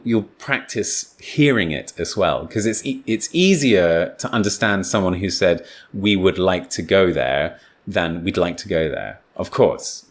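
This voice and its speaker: A man teaching English pronunciation in a relaxed, chatty way, with many fillers and restarts. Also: sits low. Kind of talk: casual spoken lesson.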